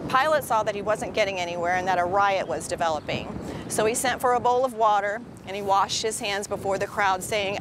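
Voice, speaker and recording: A woman reads a Bible passage aloud in a measured, expressive devotional style. She stands outdoors, and faint passing traffic can be heard behind her. Her voice sits at a middle pitch. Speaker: scripture reader. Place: outdoors in front of a city hall.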